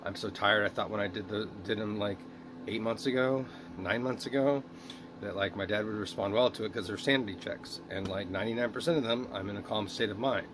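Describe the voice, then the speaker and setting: A man's voice: fairly low pitch, fairly quick, noisy background. A man speaking a rambling, emotional video diary monologue, swearing often. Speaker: video diarist.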